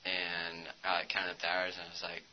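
A man's voice: deep voice, completely flat delivery, normal speed, dull audio. A young man giving a casual, chatty talk to students, telling a story with lots of fillers. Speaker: speaker at a student ministry talk.

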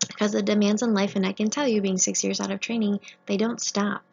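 A woman's voice: mid-range voice, flat delivery, fairly quick, vocal fry, darkish tone. A woman in her thirties, a family physician, giving an earnest faith-based talk to medical trainees, sharing her own story. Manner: earnest personal testimony. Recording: muffled lo-fi recording.

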